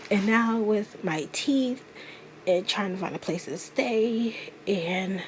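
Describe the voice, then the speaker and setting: A woman's voice: medium pitch, takes it slowly, slight background noise. A woman in her thirties talking straight to camera in a confessional vlog, earnest and emotional as she confides in her viewers. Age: 30s. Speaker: vlogger.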